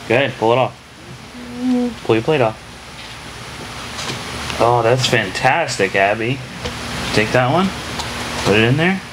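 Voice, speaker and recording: Indoors at home, a father films a casual vlog while cheerfully coaching his daughter through a painting activity with short, repeated cues. His mid-range voice is unhurried with long pauses, and there is noise in the background.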